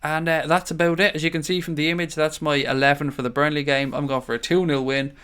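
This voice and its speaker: A man's voice: fairly high pitch, level tone, quick pace, a bit bright, smooth. A tired Irish man hosting a casual live stream, chatting loosely and reading out viewer comments. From Ireland. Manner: chatty, rambling, calls viewers mate. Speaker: livestream host.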